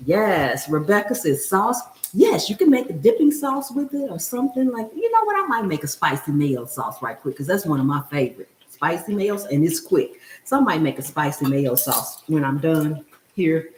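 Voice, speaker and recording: A middle-aged woman talks through a live cooking stream, reading viewer comments aloud and answering them as she works. Her voice sits low but swings widely in pitch as she talks. The home kitchen rings with echo around her. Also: sing-song, moderate pace, a little mellow. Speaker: cooking show host.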